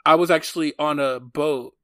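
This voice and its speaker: A man co-hosting a casual chat, animated and gossipy, full of camp slang and filler words. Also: fairly high pitch, moderate pace, no room sound, clean studio sound.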